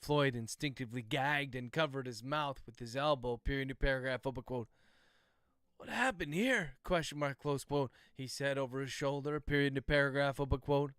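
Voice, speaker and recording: A man, an author, dictating his thriller aloud at a steady, methodical pace, speaking the punctuation marks. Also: medium pitch, a little fast, few pauses, clear, resonant tone, no echo, studio quality. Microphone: close livestream microphone.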